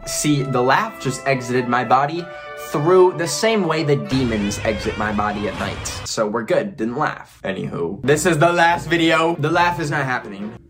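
A man's voice: mid-range voice, expressive, normal speed, over music. A young man hosting a casual reaction video, complaining in a dramatic, exaggerated way. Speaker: host.

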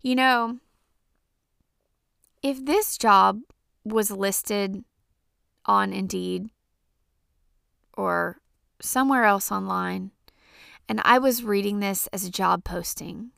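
A woman's voice: medium pitch, slow, vocal fry, long pauses, fairly bright tone, smooth, no echo, clean studio sound. A woman in her thirties hosting a podcast, ranting casually and profanely with exasperation. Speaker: podcast host.

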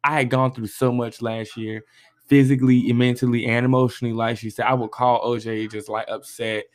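Young male podcast host, solo casual chat, animated and sincere, mid-range voice. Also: medium pitch, a little fast. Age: 20s. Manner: animated, reads messages aloud with feeling.

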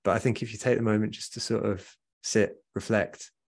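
A man hosting a webinar, thanking the guest in a rambling, warm way over a video call. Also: lowish voice, steady tone, fairly quick, slightly rough. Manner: warm, rambling, repeats words. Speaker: webinar host.

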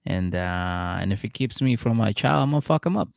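A man's voice: fairly low pitch, animated, brisk, creaky, a little mellow, dry recording, studio quality. A man co-hosting a podcast, casually retelling a reality show in profane language and acting out what the people said. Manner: profane storytelling that acts out other people's lines. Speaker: podcast co-host.

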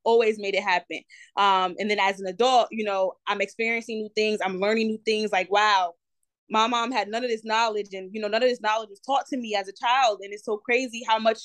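A woman in her twenties with a New Jersey accent, a guest telling her story in a lively, slangy, talkative way with plenty of ums. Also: medium pitch, brisk, no echo. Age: 20s. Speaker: guest entrepreneur. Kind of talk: casual interview.

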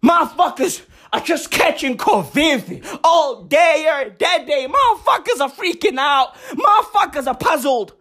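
High-voiced, wildly animated young man. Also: unhurried, few pauses. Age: 20s. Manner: loud, swearing, mocking, laughing and shouting. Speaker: comedic ranter. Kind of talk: profane comedic rant. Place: outdoors in a lively neighborhood.

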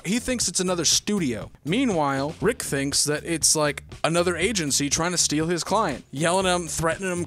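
A man's voice: on the high side, fairly bright tone. A man casually recapping a movie plot, rambling and swearing a lot, now and then acting out lines in silly voices.

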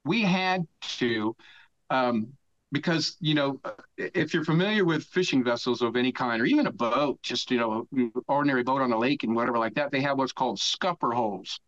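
A man in his sixties, a podcast guest, telling a long story in a casual, animated way. He swears freely and shouts out the lines he quotes. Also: medium pitch, moderate pace, highs cut off.

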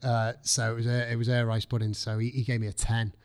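A man's voice: mid-range voice, fast talker. Chef guy chatting away, swears a lot, acts out his own thoughts, normal mid voice. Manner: swears freely, lively storytelling, acts out own past thoughts. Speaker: chef guest. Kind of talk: casual podcast chat.

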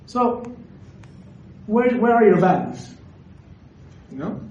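A man preaching a sermon, animated and questioning his audience directly. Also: high-pitched, slow, lo-fi sound. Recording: echoey hall recorded from a distance.

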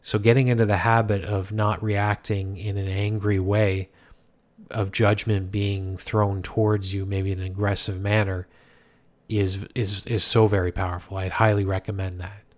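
Calm low-voiced man giving advice. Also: normal speed. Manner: calm, rambling, many restarts. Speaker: speaker giving life advice. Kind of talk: casual self-help talk.

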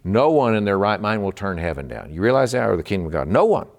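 A man's voice: fairly low pitch, sing-song, fast, gravelly. A man from Texas preaching a midweek sermon in a fervent, emphatic way. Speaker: pastor.

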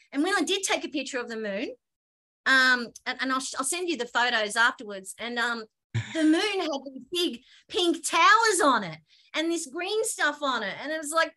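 A woman, a guest on an interview, telling her story in an animated, excitable way, often breaking off and restarting sentences. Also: high-pitched. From Australia.

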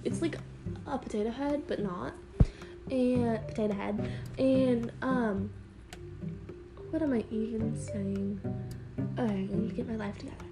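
A woman's voice: fairly high pitch, rough recording. A young woman chatting casually at home, giggly and meandering, with lots of ums. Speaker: vlogger. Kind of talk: casual rambling chat. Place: bedroom at home. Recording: music playing behind.

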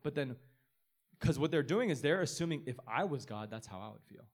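An earnest man with a voice that is neither high nor low, preaching informally. He talks the way he would in conversation, rambling a little and often restarting his sentences. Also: lively intonation, a little fast. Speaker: pastor. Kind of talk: informal sermon.

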